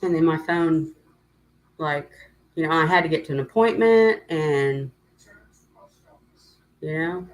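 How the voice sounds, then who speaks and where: A middle-aged woman with a notably low voice hosts a casual livestream, rambling and emotional as she tells her story. She breaks off now and then to greet viewers by name. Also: slow pace, long pauses, rough recording. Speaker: livestream host.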